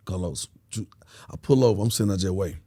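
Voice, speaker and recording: A man's voice: sits low, quick pace. A man, a podcast guest telling a story in casual slang and acting out every voice. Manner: animated, slangy, acts out every voice.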